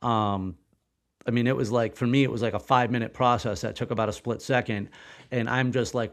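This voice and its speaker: A man in his forties tells his story as a guest on a podcast. He rambles and restarts, and swears now and then when he recounts a shock. His voice sits at an ordinary middle pitch. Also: fast talker. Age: 40s. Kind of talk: candid storytelling in a podcast interview.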